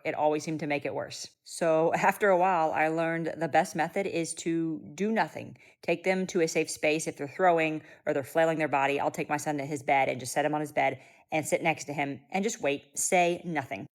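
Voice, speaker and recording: Young mother, deep-toned, no-nonsense instructive delivery for a casual tips video. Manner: direct, practical, instructive. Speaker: mom sharing cooking and parenting tips.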